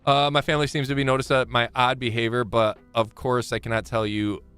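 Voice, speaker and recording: A man streaming a game live, chatting to himself and haltingly reading letters aloud with frequent fillers and restarts. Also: medium pitch, flat delivery, a bit bright, clear, resonant tone. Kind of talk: live gameplay commentary.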